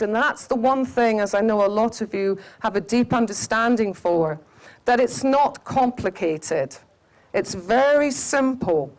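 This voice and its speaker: A middle-aged woman from the Highlands, giving a spiritual talk to a festival audience, quizzing listeners and stretching out key phrases. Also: poor audio. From Scottish Highlands. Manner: animated, quizzes the audience, drawn-out emphatic phrases. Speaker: shamanic teacher.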